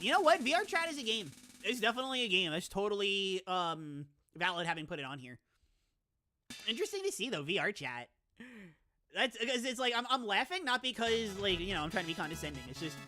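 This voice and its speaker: A woman VTuber streamer chatting casually on stream, excitable and gushing, laughing often and rambling into asides. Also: mid-range voice. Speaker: VTuber streamer reacting to viewer game lists. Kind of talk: casual live-stream chat.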